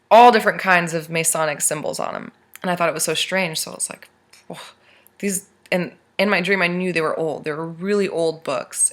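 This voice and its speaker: Bright-voiced woman vlogger rambling. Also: on the low side. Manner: rambling, animated retelling of a dream. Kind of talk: casual storytelling to camera.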